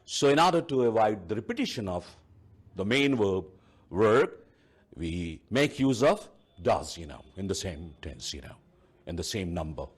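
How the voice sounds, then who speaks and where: A male teacher, giving a deliberate televised grammar lesson and saying "you know" often. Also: low voice, sing-song, slightly rough. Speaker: English teacher. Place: TV studio.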